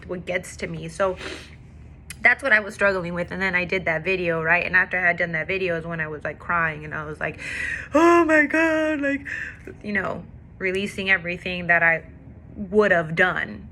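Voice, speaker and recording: A woman with a bright, forceful voice pitched a little low speaks candidly about her struggles in a personal faith vlog. She tells her story in an emotional, confessional way. A faint hum sits behind her. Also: moderate pace. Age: adult with a daughter. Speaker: faith vlogger.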